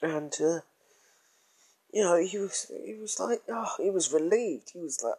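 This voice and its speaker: A man's voice: high-pitched, expressive, a little mellow, breathy edge. A man telling a crude comic story in a casual, rambling way. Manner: rambling, crude, drawn-out groans.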